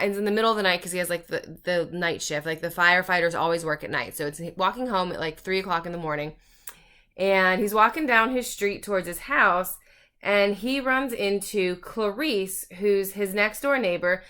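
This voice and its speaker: A woman's voice: mid-range voice, bright, forceful tone, clean tone. A young woman vlogger chatting casually about a book while doing her makeup, full of fillers and acting out the characters' lines. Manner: chatty, many fillers, acts out quoted dialogue.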